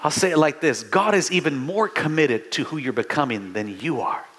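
A middle-aged pastor preaches a fervent sermon in church, calling out to the congregation in call-and-response style and often restarting his phrases. His voice sits on the high side and is a bit bright, with lively intonation and a moderate pace.

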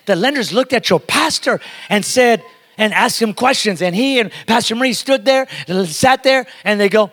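A man's voice: high-pitched, animated, moderate pace, a bit bright. A man giving a sermon as a guest preacher, emphatic and talking straight to the congregation in a church. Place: church sanctuary. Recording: long reverb of a large hall.

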